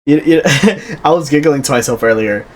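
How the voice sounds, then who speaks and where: A man's voice: on the high side, animated, moderate pace, over a noisy crowd, rough recording. A young man co-hosting a casual podcast chat, rambling and joking with frequent laughs. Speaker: podcast co-host.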